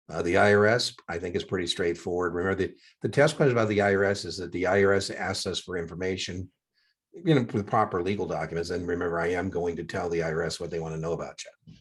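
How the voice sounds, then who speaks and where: Older male tutor, low husky voice, chatty storyteller, video call sound. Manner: chatty, jokey asides. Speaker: exam prep tutor. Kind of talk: one-on-one tutoring session.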